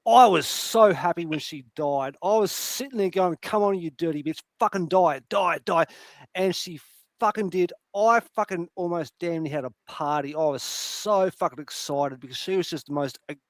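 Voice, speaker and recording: A man, talking in a fairly high voice with loose, animated rants full of swearing. The sound is dry and close, with almost no room around it. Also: normal speed, no echo. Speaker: podcast panel host. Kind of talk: casual chat.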